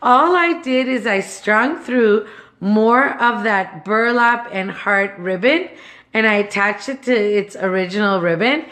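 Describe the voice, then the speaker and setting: A woman's voice: a little high, a bit bright. A woman with a slightly raised voice, chatting through a home tour vlog. She gushes and sounds sentimental and affectionate. She is indoors at home, talking into a handheld camera. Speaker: home decor vlogger. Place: inside her own home. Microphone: handheld camera she turns around to film.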